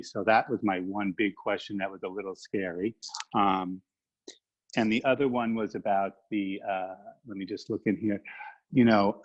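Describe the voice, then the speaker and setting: A middle-aged man, a business owner, asking a question on a webinar in a halting, earnest, emotional way with many fillers. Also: on the low side. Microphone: video call. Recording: muffled lo-fi video call audio.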